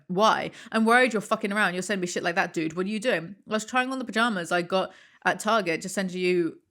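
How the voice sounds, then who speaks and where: A woman in her thirties reading Reddit posts and text messages aloud, sarcastic, deadpan and swearing freely. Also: mid-range voice, fast. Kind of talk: casual reaction commentary.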